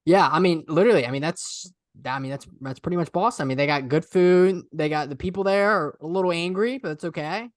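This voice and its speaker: A man's voice: fairly high pitch, a little fast, hardly any pauses, no echo, clean studio sound. A young man co-hosting a casual podcast, rambling with lots of "I mean" and "literally". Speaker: podcast co-host. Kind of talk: casual chat.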